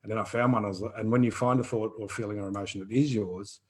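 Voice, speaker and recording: Man around fifty, husky voice, low pitch, rambling casual live Q&A chat. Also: quick pace, low-quality recording. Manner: rambling, animated, earthy wording. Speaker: co-host answering listener questions.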